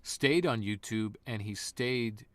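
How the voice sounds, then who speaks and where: A man guest voice actor in a casual interview, an animated storyteller. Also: fairly low pitch, slow pace, no room sound.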